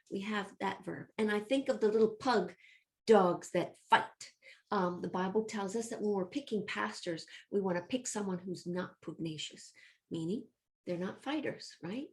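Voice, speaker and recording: A woman's voice: mid-range voice, normal speed. Upbeat woman teaching Latin to children. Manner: upbeat, encouraging, addresses children directly; chants word forms in rhythm. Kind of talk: recorded homeschool lesson review.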